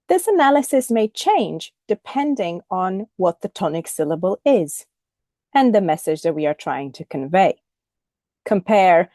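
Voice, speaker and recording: A woman teaching a recorded lesson, speaking clearly and deliberately and modelling the intonation of example phrases. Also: medium pitch, big pitch swings, warm tone, no echo, clean studio sound. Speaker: English teacher.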